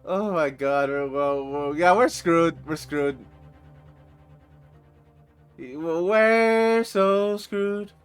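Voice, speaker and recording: A man commentating on a game during a live stream, excitable and swearing freely. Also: fairly high pitch, very slow, long pauses, clean tone, faint music behind. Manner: excitable and profane. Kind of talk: casual live gameplay commentary.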